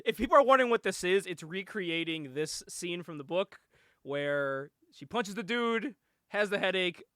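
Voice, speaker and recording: A young man co-hosting a casual show, excitedly retelling a movie plot, laughing often, swearing and acting out the lines. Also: sits high, normal speed, no echo, clean studio sound. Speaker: podcast co-host.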